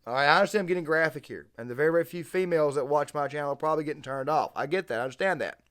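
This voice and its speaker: A man's voice: fairly high pitch, rapid-fire, a bit bright. A man hosting a reaction commentary, talking emphatically and wordily and repeating his phrases. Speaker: channel host.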